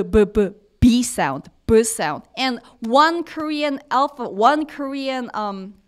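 A young woman leads a live-streamed language lesson, chatty and encouraging as she answers viewers' comments. Her voice sits a little high and sounds smooth and clear. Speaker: Korean language teacher.

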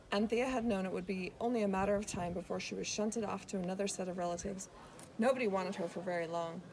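Woman narrating a novel, mid-range voice, steady delivery. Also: mid-range voice, low-quality recording. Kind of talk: reading a novel aloud.

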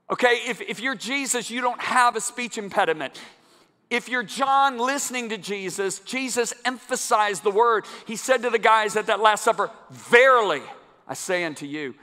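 High-voiced emphatic male preacher in a big hall. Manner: emphatic, builds to loud climaxes, talks to the congregation. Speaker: guest preacher. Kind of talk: sermon. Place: large church sanctuary. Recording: long church hall reverb.

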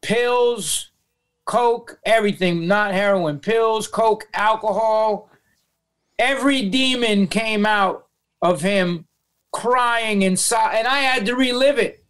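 Middle-aged new york guy, high-ish voice, smooth and clear, blunt and swearing, spilling a heavy story on a podcast. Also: slow pace, a bit bright. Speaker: podcast guest. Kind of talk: casual interview storytelling.

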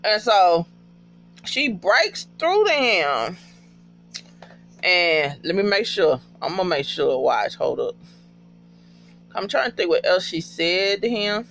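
A man casually recapping a TV episode in a profane, emotional, animated storytelling way. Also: sits high, takes it slowly, vocal fry, pauses often, a little hiss or hum.

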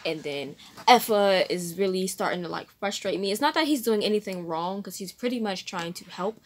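A woman hosting a casual reading vlog, talking in an animated, exclamatory way with lots of slang. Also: medium pitch. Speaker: book vlogger.

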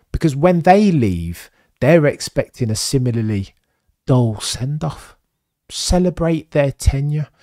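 A man's voice: mid-range voice, no room sound, clean studio sound. A young man hosting a live-stream, commenting animatedly with exasperation and stumbling over his words as he reads chat. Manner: animated, exasperated, with frequent stammered restarts. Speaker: livestream host.

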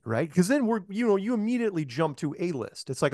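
A man's voice: sits high, brisk, no room sound, studio quality. A man hosting a casual chat, telling a long story and acting out the voices of the people in it. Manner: animated storyteller, acts out quoted voices. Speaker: host.

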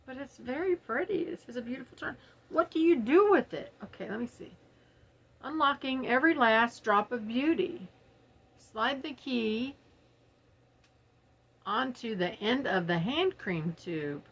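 A woman's voice: a little high, lively intonation, unhurried. A middle-aged woman, chatting casually and giggling as she unboxes products at home for her viewers. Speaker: unboxing vlogger. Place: home, early morning.

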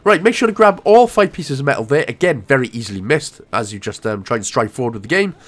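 A man's voice: medium pitch, animated, fast talker. A young Welsh man giving casual, rambling gameplay walkthrough commentary with jokey asides. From Wales.

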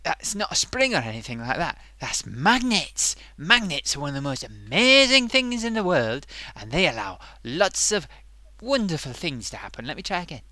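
A man voicing an excitable male sock puppet who hosts a comic makeup review, gushing and bumbling. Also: a little high, moderate pace, dry recording. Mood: excited. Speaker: host.

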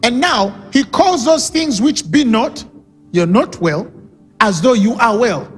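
A man's voice: extremely high pitch, expressive, unhurried, breathy edge. A man preaching a sermon, emphatic and repetitive, often calling for responses from the congregation. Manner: emphatic, repeats key phrases, calls for audience response. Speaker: pastor. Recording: reverberant hall with music underneath.

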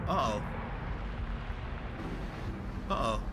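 A man giving let's-play commentary on a horror game, excitable and yelping when startled. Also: medium pitch, extremely slow, very noisy. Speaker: gaming YouTuber.

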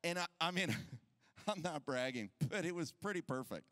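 Lively, bright-voiced preacher man. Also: on the high side, moderate pace, no echo. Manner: animated, acts out quoted voices. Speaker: pastor. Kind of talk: storytelling sermon.

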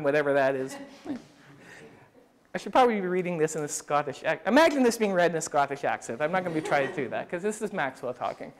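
A man's voice: a little high, lively intonation, a little fast. A man giving an academic lecture at a summer school, thinking aloud with frequent restarts and speeding through quoted passages.

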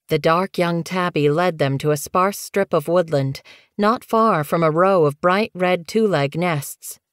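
A woman narrating an audiobook in a measured, expressive storytelling manner. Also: low-pitched, no echo, clean studio sound.

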